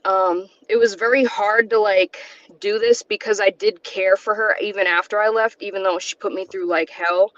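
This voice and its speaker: Shaky woman from south carolina talking from her car, halting, nervous little laughs, dull muffled call sound. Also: mid-range voice, fairly even intonation. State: shaky, close to tears. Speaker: guest. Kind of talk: emotional personal testimony.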